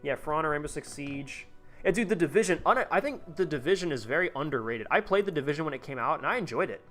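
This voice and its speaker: A man's voice: a little high, expressive, quick pace, fairly bright tone, soft background music. A young man live-streaming a game, chatting casually and rambling with lots of fillers and restarts. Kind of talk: casual gameplay commentary.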